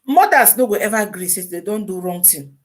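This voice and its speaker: A woman with a Nigerian Pidgin English accent, hosting a casual live-stream advice talk, animated and full of rhetorical questions. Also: mid-range voice, brisk.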